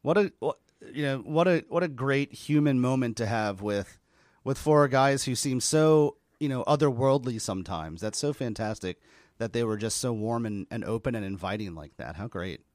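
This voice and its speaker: A man's voice: mid-range voice, lively intonation, normal speed, darkish tone. A man hosting an interview podcast, reacting with enthusiasm and reading his own plug. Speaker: podcast host. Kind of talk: casual conversational interview.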